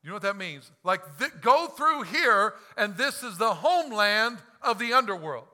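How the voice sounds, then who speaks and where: A male pastor preaching with fervor, in a high, very bright and cutting voice. He swings from near-shouted proclamations to quiet, hushed explanations, and acts out quoted lines with laughter. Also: sing-song, normal speed. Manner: impassioned preaching, swings between loud and hushed. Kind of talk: sermon.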